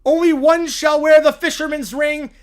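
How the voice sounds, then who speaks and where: A shrill bratty little cartoon boy. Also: steady tone, normal speed. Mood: grandiose. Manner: shrill, shouting, grandiose. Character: bratty small boy cartoon child claiming the papacy.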